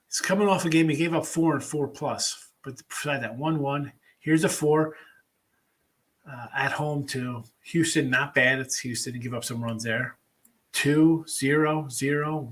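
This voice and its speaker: A man's voice: on the high side, fairly bright tone. Chatty man hosting a betting stream. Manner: rambling, chatty, talks to viewers. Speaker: sports betting show host. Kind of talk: casual live-stream chat.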